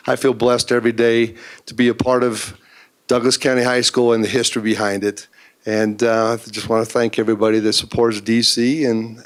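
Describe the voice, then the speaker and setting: A man high school principal giving jokey, proud acceptance remarks. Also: clean tone.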